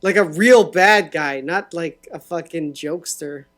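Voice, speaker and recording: A man's voice: on the high side, measured pace. A man co-hosting a podcast, chatting casually and easily agreeing with his partner. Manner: relaxed, agreeable, lots of mm-hmms. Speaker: podcast co-host. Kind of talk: casual chat.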